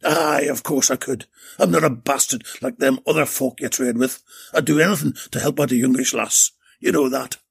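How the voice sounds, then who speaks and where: A man voicing a blunt male shop owner with a gravelly voice. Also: mid-range voice, moderate pace, full character voice. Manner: blunt, matter-of-fact.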